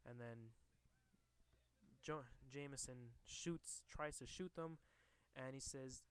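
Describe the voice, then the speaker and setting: A man's voice: medium pitch, takes it slowly, fairly bright tone, smooth. A man casually reading a comic book aloud and commenting on it, often stumbling and restarting over names. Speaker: reader recapping a comic book.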